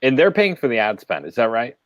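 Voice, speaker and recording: A man's voice: mid-range voice, very animated, a little fast, dry recording. A man co-hosting an interview on a video call, mostly giving brief affirmations and steering the talk. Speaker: co-host. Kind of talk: casual interview chat. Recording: dull, dry video call audio.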